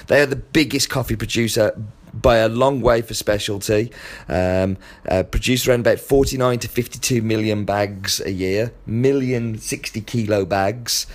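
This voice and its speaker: A man with a fairly low voice presents a short fact segment. He lists numbers and names with small hesitations. He makes self-deprecating remarks along the way. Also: measured pace.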